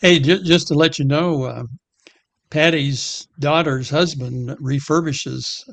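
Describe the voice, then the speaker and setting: A man with a gravelly voice, a little higher than most, chats on a podcast. He keeps the talk going with short interjections and follow-up questions. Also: fairly even intonation, takes it slowly. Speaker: podcast co-host. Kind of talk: casual chat.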